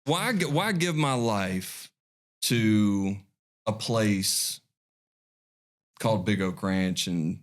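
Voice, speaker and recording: A man's voice: on the low side, animated, drawn-out words, pauses often. A man in his forties, a podcast guest, telling a heartfelt personal story in an earnest, folksy way, often restarting his phrases. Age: 40s.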